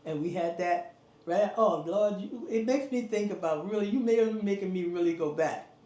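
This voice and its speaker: An older woman, founder of a girls' youth club, telling animated stories in an interview and acting out the voices she quotes in a folksy way. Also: mid-range voice, moderate pace. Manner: lively, acts out quoted voices, folksy phrasing. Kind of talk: animated storytelling. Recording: roomy echo, faint music behind.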